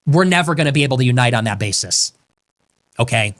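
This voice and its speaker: A man's voice: medium pitch, lively intonation, fast, fairly bright tone. A man delivering heated monologue commentary on his own show, angry and combative, hammering points through repetition. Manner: angry, combative, emphatic, repeats lines for effect.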